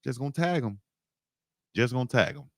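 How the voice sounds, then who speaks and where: A man voicing a gleeful male parking officer who loves ticketing fancy cars, with drawn-out, excited exclamations. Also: mid-range voice, no echo, clean studio sound, natural voice.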